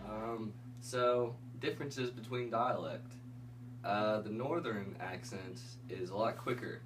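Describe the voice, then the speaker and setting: A man's voice: fairly low pitch, takes it slowly. A man answering an interview question in a laid-back, drawling way. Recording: distant mic, loud background noise.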